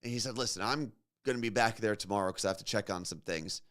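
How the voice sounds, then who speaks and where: A man co-hosting a morning radio show, telling long casual stories with a relaxed, rambling manner. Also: fairly low pitch, quick pace. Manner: chatty storyteller, bursts into silly singing.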